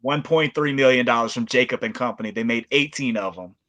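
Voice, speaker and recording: Male co-host, sharp bright tone, rambling sports chat. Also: medium pitch, a little fast. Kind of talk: casual sports talk chat.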